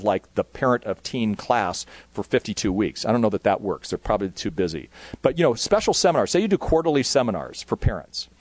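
A man's voice: medium pitch, dry recording. A man speaking casually to youth workers at a conference, rambling with lots of fillers.

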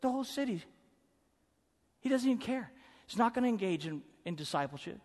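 A man preaching a sermon as pastor, emphatic and swinging from loud to hushed. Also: high voice, lively intonation, fairly quick. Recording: preaching in a hall with long reverb.

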